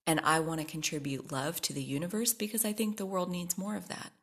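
A woman's voice: fairly low pitch, steady tone, fairly quick, slightly rough. A woman hosting her own podcast, talking candidly and with emphasis in a personal monologue, swearing freely. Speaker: podcast host.

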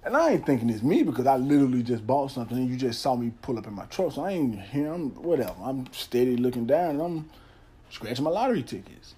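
A man's voice: mid-range voice, mellow, breathy edge. A man telling a personal story on his podcast, candid and swearing freely, often repeating himself. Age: adult, father of a son. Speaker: podcast host. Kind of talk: casual storytelling. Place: Nashville area.

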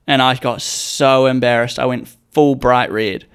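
A man's voice: medium pitch, a little slow, smooth. A young man telling stories in a casual, rambling monologue, swearing freely and acting out the people he quotes. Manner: rambling and profane, with animated quoted voices.

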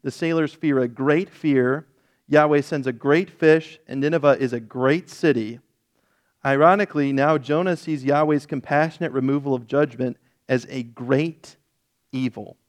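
A male pastor works through a Bible passage in a sermon, explaining the text and acting out the quoted lines with feeling. He speaks at normal speed, his voice on the high side.

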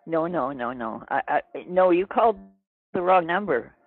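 A man's voice: on the high side, lively intonation, moderate pace. A man on the phone, polite but growing exasperated. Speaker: caller on the phone. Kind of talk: phone call. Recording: tinny phone line.

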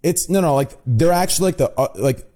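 A man's voice: a little high, quick pace, dark tone. A young man streamer rambling and swearing in a casual group call, repeating himself to make a point.

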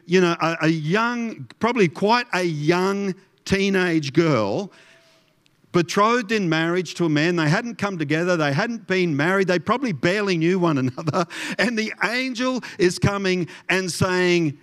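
A man's voice: sits high, a little slow, a bit bright. A man preaching a sermon in a conversational way, often asking his listeners questions. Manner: conversational, asks the congregation questions. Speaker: pastor.

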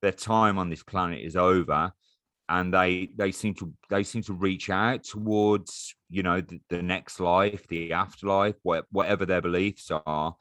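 Male podcast host, lowish voice, chatty, teasing, casual. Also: steady tone, unhurried, fairly bright tone. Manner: chatty and teasing, with frequent restarts. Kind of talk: casual chat.

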